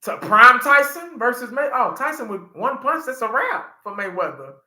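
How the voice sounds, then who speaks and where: A man in his forties chatting casually on a livestream, an animated storyteller who laughs often and talks to his chat. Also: extremely high pitch, moderate pace, reverberant, poor audio. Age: 40s. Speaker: livestream host.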